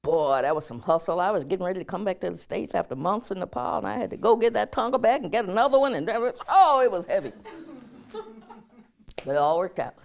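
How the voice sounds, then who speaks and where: A woman professor giving a public lecture, telling stories in a lively way and leading the audience in chanting. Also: fairly low pitch, fast, gravelly, few pauses.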